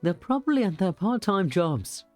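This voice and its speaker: A man's voice: sits high, sing-song, moderate pace, a little mellow, soft background music. A man streaming a game, chatting casually about voice work in a rambling, laughing way with many fillers. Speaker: streamer and voice actor.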